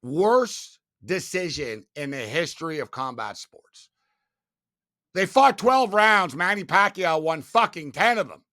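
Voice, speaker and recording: Guy on a podcast, kinda high voice, super animated and swears a lot, dry close mic. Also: a little slow, no room sound. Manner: animated, profane, swings loud and soft. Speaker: guest, sports betting media host. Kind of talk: casual interview storytelling.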